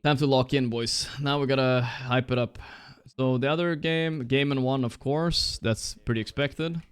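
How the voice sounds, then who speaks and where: A young man streaming live, chatting casually, reacting loudly and swearing often while he plays a guessing game. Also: mid-range voice, steady tone, moderate pace, clear, resonant tone, no room sound.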